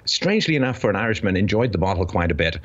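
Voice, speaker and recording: A man's voice: low voice, big pitch swings, very fast, a bit bright, highs cut off. A man from Ireland raised in Canada, a guest on a talk show, telling stories and making points in a wry, articulate way. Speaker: guest commentator. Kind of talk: casual talk show conversation.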